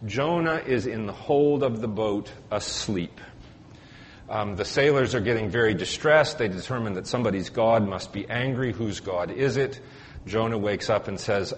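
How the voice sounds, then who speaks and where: A male priest preaches in a loose, storytelling way, with dry humor and plenty of filler words. His voice sits at an ordinary middle pitch. It carries a long, echoing church reverb over a faint hiss. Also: normal speed. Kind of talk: conversational sermon.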